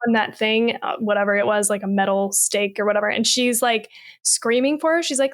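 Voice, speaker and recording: A woman's voice: a little high, steady tone, quick pace. A woman co-hosting a horror movie podcast in casual chat, ranting sarcastically with swearing and frequent laughs. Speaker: podcast co-host.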